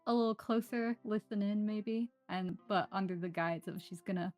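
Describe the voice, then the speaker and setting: A woman playing a tabletop game, calmly describing her character's actions, with soft music behind. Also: medium pitch, moderate pace. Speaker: player.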